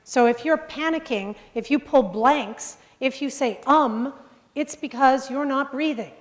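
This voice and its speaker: A woman presentation skills coach with a high voice leads a group through breathing exercises at a measured pace during a live workshop. She's upbeat, joking and directive, and the large room gives the recording a reverberant hall sound.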